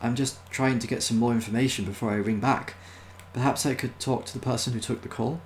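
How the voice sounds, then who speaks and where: A man reading aloud voices a brisk, curt female TV interviewer in a storybook reading. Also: mid-range voice, steady tone, slight background noise, close to an everyday voice. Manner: curt, clipped replies.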